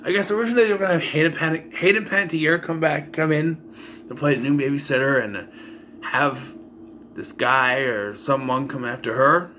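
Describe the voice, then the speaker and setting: A man's voice: fairly high pitch, normal speed, sharp tone, slight background noise. A young man casually reviewing a movie in a rambling, sarcastic way, often restarting his sentences.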